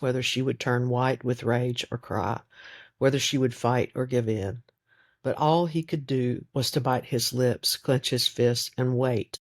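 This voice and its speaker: A man reading a novel aloud in steady, measured audiobook narration. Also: medium pitch. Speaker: reader.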